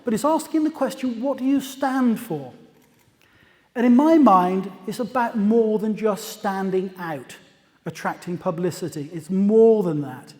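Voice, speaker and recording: Fairly high-voiced man presenting in a hall. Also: unhurried, a little mellow. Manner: conversational, anecdotal, with asides. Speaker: conference speaker. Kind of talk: conference presentation. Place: conference hall. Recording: long reverb of a lecture hall.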